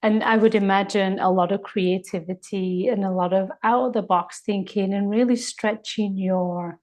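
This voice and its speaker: A woman's voice: medium pitch, steady tone, moderate pace, a little mellow. A woman hosting a podcast interview, asking thoughtful questions and affirming her guest. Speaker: podcast host.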